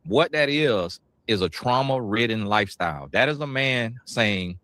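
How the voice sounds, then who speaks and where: A man's voice: mid-range voice, expressive, measured pace, few pauses, a bit bright, no room sound. A man in a played clip lecturing with preachy, scornful commentary, repeating phrases for effect.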